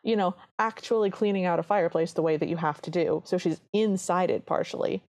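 A woman's voice: fairly low pitch, steady tone, fairly quick, a little mellow. A woman co-hosting a podcast, chatting casually and describing scenes of a film she loves. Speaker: podcast co-host. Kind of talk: casual chat recapping a film.

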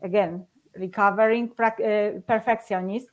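A woman from Poland with a Polish accent, a podcast guest telling stories in an animated way and laughing often. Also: medium pitch, moderate pace. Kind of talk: podcast interview.

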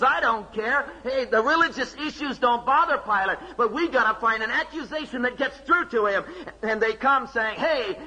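A man preaching a sermon, emphatic, with rhetorical questions and dramatic pauses. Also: sits high, pushed and bright, dull audio. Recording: long hall reverb.

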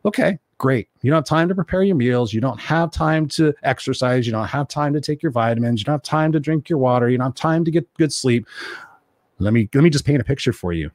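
Fast-talking blunt motivational man. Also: mid-range voice, lively intonation, darkish tone, no room sound, clean studio sound. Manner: blunt, profane and emphatic, repeating phrases for force. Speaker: live-stream host reading viewer comments. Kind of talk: motivational live-stream talk.

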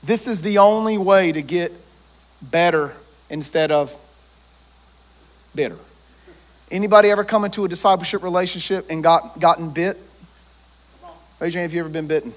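A man, a pastor preaching a lively sermon and joking with his congregation. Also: high-pitched, fairly quick.

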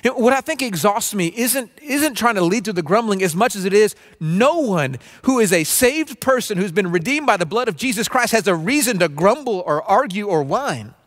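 A pastor delivering a sermon in an earnest, preacherly way, acting out grumbling voices. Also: male voice, sits high, animated, moderate pace, hardly any pauses, fairly bright tone. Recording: long reverb of a large room.

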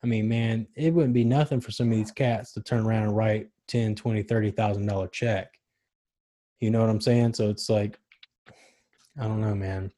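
Man, young adult, warm mellow voice, casual rambling chat, slangy and profane. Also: lowish voice, normal speed. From Charlotte, North Carolina area. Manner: rambling, excited storytelling with swearing and slang.

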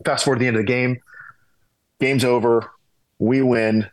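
A middle-aged man, a former pro ballplayer, telling a long anecdote as a guest, animated and rambling with restarts. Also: mid-range voice, normal speed, no room sound, rough recording.

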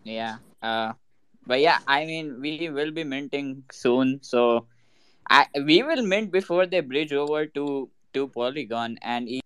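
A man's voice: medium pitch, measured pace, fairly bright tone, smooth, no room sound. A man speaking as a project founder in a casual chat, easygoing and laid-back.

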